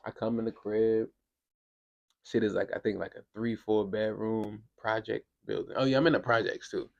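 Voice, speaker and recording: Gravelly New man telling a story. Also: lowish voice, moderate pace, lo-fi sound. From Brooklyn, New York. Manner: animated, profane, acts out voices in quotes. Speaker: podcast host telling a story. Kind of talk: casual storytelling.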